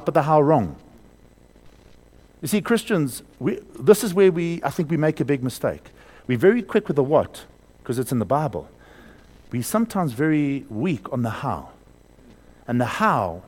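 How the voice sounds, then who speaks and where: A man preaching a sermon, swinging between loud emphasis and hushed, slowed lines, asking the congregation questions and having them repeat words. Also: a little high.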